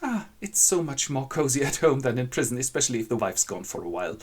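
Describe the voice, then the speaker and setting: A man voicing an anxious older father, a town musician, in a comic play retelling, speaking fretfully and excitably. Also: mid-range voice, quick pace, pitched above the performer's own voice. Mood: content.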